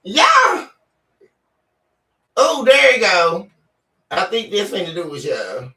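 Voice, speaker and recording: A woman hosting a live tarot stream on a webcam mic from home, excitable and laughing often as she chats casually with her viewers. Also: medium pitch. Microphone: webcam microphone.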